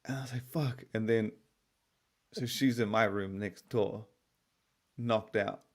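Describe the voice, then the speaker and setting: A man's voice: fairly low pitch, steady tone, a little slow. A young adult man co-hosting a podcast, telling a story in a rambling, profane way and sounding tired. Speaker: podcast co-host. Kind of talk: casual podcast chat.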